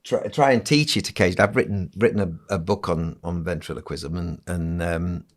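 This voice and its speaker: Deep-voiced ventriloquist, rambling. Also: male voice, brisk. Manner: rambling with many restarts. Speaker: ventriloquist and entertainer, guest. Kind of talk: casual interview talk.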